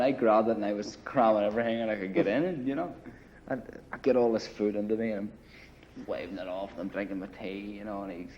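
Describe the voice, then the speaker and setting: Guy rambling through a war story, lots of cursing and "you know", lowish voice, dull old film audio. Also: a little hiss or hum. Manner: rambling, profane, full of "you know" and "right". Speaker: interviewee telling war stories. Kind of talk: casual storytelling. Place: grungy apartment.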